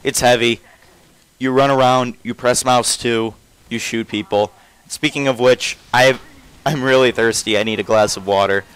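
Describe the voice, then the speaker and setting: Young male gameplay commentator at a desk mic, mid pitch, smooth tone, meandering delivery. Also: steady tone, moderate pace, a bit bright, no room sound, low-quality recording. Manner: rambling, self-interrupting, trails off often.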